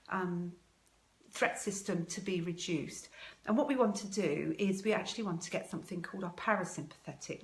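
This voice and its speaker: A woman giving parents advice in a live video talk, calm, slow and measured, pausing with many ums as she guides a breathing exercise. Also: lowish voice, creaky. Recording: echoey room.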